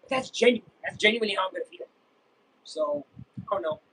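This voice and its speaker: A young man casually chatting and reacting while streaming a live baseball game, rambling and breaking into excited yells. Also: high-pitched, a little fast, gravelly, slight background noise, poor audio. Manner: rambling, self-interrupting, bursts of excited yelling. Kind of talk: casual live game watch-along chat.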